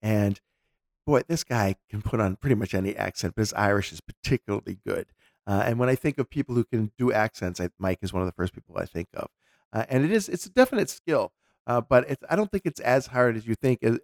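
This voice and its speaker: A man's voice: lowish voice, fairly quick, creaky, dry recording, studio quality. A man co-hosting a podcast, chatting casually and telling stories animatedly, sometimes slipping into voices. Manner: animated storyteller, drops into voices. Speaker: podcast co-host. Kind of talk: casual chat.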